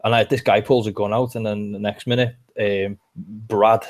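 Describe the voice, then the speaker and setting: A man's voice: fairly low pitch, level tone, normal speed. A man with a Liverpool accent, co-hosting a casual chat and telling rambling stories with lots of restarts. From England. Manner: chatty storyteller, rambling with restarts. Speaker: podcast co-host.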